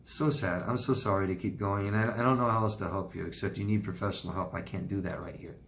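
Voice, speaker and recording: A man's voice: fairly low pitch, steady tone, quick pace, fairly bright tone, slight background noise. A man working as a life coach, answering viewer questions on video in a blunt, emphatic way, repeating his advice, with sympathetic sighs and exclamations.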